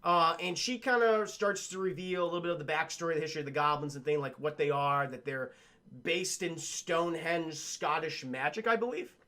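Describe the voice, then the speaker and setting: A man's voice: on the high side, a little fast, sharp tone. A man reviewing a film on a livestream, rambling and swearing as he talks to his chat.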